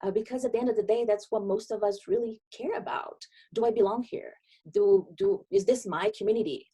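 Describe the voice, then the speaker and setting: A woman from Brazil with a Brazilian accent, a consultant giving an earnest presentation talk with emphatic pauses between phrases. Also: medium pitch, mellow, breathy edge. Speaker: diversity and inclusion consultant.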